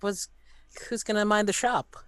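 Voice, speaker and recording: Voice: mid-range voice, fairly even intonation, moderate pace, fairly bright tone, smooth. A tabletop game player who sounds laid-back and joking. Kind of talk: casual tabletop game play.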